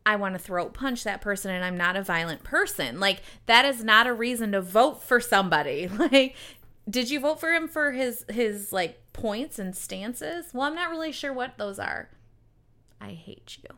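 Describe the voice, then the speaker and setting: A woman's voice: on the high side, animated, moderate pace, bright, forceful tone. A young woman guest on a podcast, chatting candidly and animatedly, acting out quoted talk. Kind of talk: casual chat.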